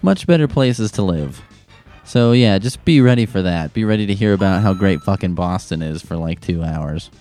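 A man's voice: deep voice, expressive, moderate pace, mellow, soft background music. A young man hosting a comedic advice show, answering letters with sarcastic, profane rants. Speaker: advice-column host.

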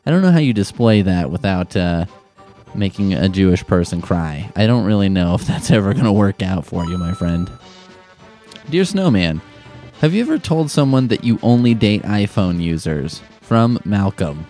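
Comedic advice host, young man, profane deadpan-sarcastic delivery, dark mellow tone. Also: low voice, moderate pace, soft background music.

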